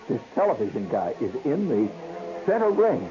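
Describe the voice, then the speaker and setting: A man hosting a radio show, telling a story in an animated way, acting out voices and sounds and laughing often. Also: fairly high pitch, moderate pace, over music. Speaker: radio host. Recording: dull lo-fi 1970s radio broadcast with hiss.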